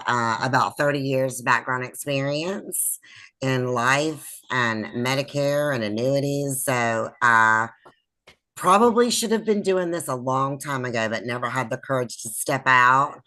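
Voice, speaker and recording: New team member, bright voice, halting, excited. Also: female voice, a bass voice. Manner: hesitant, excited, many fillers. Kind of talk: casual self-introduction.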